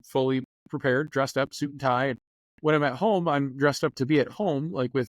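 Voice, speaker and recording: A man, a news anchor, telling lively anecdotes as a podcast guest and acting out the people he quotes. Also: mid-range voice, moderate pace, dry recording. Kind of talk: casual interview storytelling. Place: lives in Florida.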